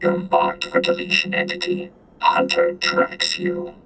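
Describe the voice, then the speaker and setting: Neovend, a gravelly robotic vending machine. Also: male voice, completely flat delivery, a little slow, bright, forceful tone, faint music behind, full character voice. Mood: ominous. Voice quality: deep, gravelly, multitonal whining. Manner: clipped broken phrases. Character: ancient sentient vending machine, cryptic and urgent.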